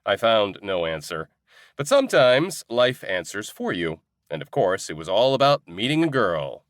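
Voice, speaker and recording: Low, lively wry male audiobook narrator. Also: moderate pace, no room sound, clean studio sound. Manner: wry, sardonic comic storytelling. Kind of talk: scripted first-person audiobook narration.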